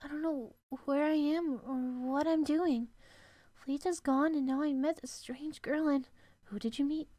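A woman's voice: high-pitched, fairly even intonation, measured pace, dark tone, no room sound. A woman doing an anxious, confused young heroine. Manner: anxious, hesitant, stumbling questions. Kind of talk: voicing game dialogue.

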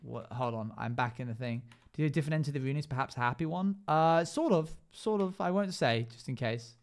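Male streamer, smooth clear voice, casual gaming chat, filler-heavy list reading. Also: medium pitch, fast talker. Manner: rattles off long lists with many fillers.

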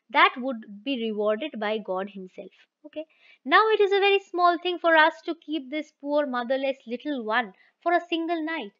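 High-voiced woman teacher explaining a story. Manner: reads a passage, then restates it in simple words. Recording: dull lo-fi recording.

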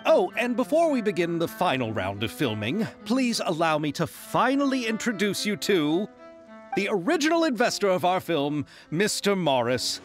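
A man's voice: high-pitched, very animated, normal speed, soft background music. A man voicing a polite, busy film producer in a fan voice dub, speaking courteously and apologetically.

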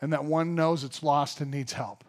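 A man's voice: on the high side, moderate pace. A man preaching a sermon at a church service, telling funny everyday stories and acting out the voices in them. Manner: animated storyteller, acts out funny everyday scenes. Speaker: pastor.

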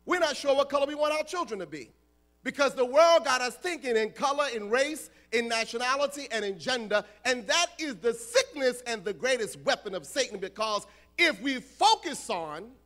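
An American man giving a lively, joking youth lecture as an imam, acting out voices for the crowd. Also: very high voice, normal speed. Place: large conference hall.

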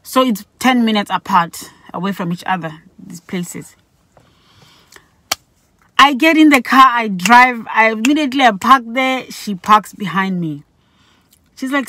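Lively woman from Botswana telling a story. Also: fairly high pitch, measured pace, dry recording. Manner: animated storytelling with acted-out quotes. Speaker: vlogger. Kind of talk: storytime vlog.

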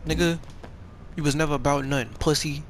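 A man's voice: a little high, steady tone, brisk, a little hiss or hum. A man giving casual gameplay commentary, rambling along in profane, slangy, laid-back talk. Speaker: gamer streaming a playthrough.

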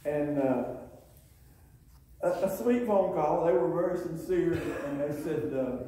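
A man's voice: a little high, slow pace, warm tone. Man preaching in a distant echoing church. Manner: folksy storytelling, laughs often. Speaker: pastor. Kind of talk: church sermon. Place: church sanctuary. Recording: echoey church from far off.

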